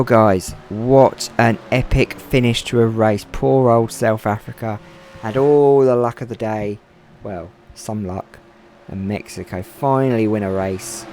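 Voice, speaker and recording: A man giving excited race commentary over a racing game from home, his voice climbing when the action gets close. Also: on the low side, slight background noise.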